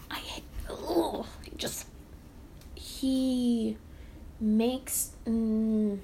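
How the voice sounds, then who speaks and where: A young woman ranting casually as a podcast host, rambling and animated, often sighing and cutting herself off. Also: fairly high pitch, a little hiss or hum. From Texas. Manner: rambling and animated, with sighs and self-interruptions. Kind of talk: casual rant.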